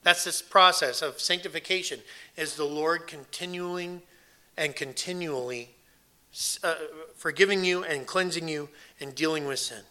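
A man's voice: fairly high pitch, unhurried, sharp tone. A man preaching an earnest sermon, emphatic and repeating phrases for weight. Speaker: pastor.

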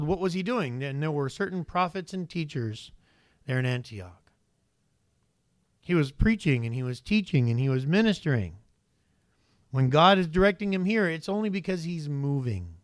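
A man in a slightly high register delivers a sermon as a pastor, talking to the congregation conversationally and pressing them with rhetorical questions. The sound is dry and close, with little room around it. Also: dry recording.

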